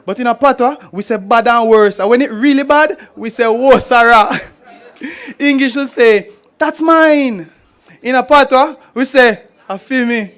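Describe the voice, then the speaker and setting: A man's voice: very high voice, normal speed, a bit bright. A Jamaican man performing humorous poetry at a live forum, playful and rhythmic, switching into Patois and chuckling between lines. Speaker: poet performer.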